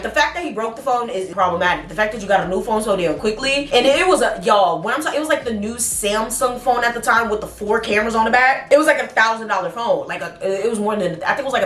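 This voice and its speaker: A young woman telling a story to her viewers in casual chat, animated, swearing and mimicking the people she talks about. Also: mid-range voice, recorded from a distance. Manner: animated, swearing, mimics others, laughs a lot. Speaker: vlogger. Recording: roomy echo, a bit off-mic.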